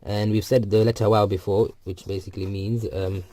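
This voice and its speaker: A man explaining a textbook dialogue step by step, repeating each phrase and filling pauses with ums. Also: lowish voice, level tone, warm tone, slight background noise. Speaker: Arabic teacher. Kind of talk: recorded textbook lesson.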